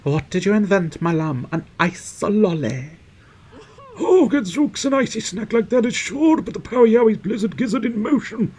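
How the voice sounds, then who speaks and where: A shrill, fussing old lady bursting with delight, as a man puts her on for a game's dialogue. Her voice jumps very high and swoops all over, every line an exclamation. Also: lively intonation, normal speed, darkish tone, breathy edge. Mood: excited. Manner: gushing, exclamatory.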